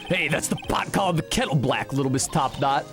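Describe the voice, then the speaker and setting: A streamer voicing a jumpy, eager male police detective while reading game dialogue aloud, in a brash and gruff manner. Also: a little high, a little fast, over music, lightly acted.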